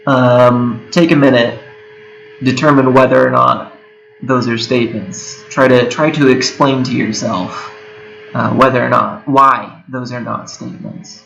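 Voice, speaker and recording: A young man in his twenties talks through a recorded lecture in a loose, conversational way, dropping fillers and fixing his own slips as he goes. His voice comes across bright and forward. The room behind him is echoey, with a steady whir. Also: medium pitch, a little slow, gravelly, muffled recording. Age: 20s. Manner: conversational, with frequent fillers and self-corrections. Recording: echoey room with a whirring hum.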